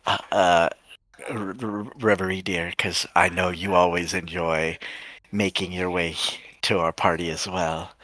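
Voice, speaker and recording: A man voicing a genteel older male party host who stutters and trails off softly. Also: deep voice, level tone, measured pace, dry recording, pitched below the performer's own voice. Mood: stammering courtly.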